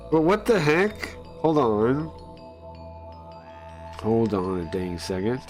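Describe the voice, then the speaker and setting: A man casually commenting while he plays and reads through a story game, chatty and easily excited, thinking aloud with many pauses. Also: medium pitch, faint music behind. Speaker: streamer playing and reading a story game. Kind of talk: casual live-stream commentary.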